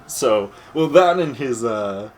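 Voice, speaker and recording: A man chatting casually over a racing game playthrough, telling gossip in an animated way, swearing freely and laughing often. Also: mid-range voice, slow. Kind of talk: casual gaming chat.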